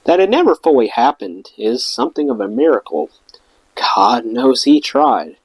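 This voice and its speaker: A man's voice: medium pitch, huge pitch swings, moderate pace, slightly rough, dry recording, low-quality recording. A man reading a rock memoir aloud as an audiobook, giving the quoted lines their own voices. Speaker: audiobook reader.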